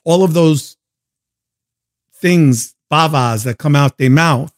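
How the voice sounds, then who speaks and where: A hoarse man hosting a casual livestream chat, telling stories in an animated, slangy way. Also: fairly high pitch, slow pace. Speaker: show host.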